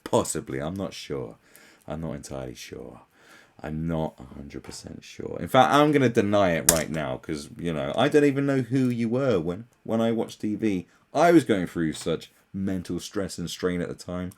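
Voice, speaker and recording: A man's voice: big pitch swings, moderate pace, a little hiss or hum. Sarcastic ranting man. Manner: sarcastic, profane, mocks in shrill put-on voices. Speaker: commentary host. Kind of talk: ranting commentary.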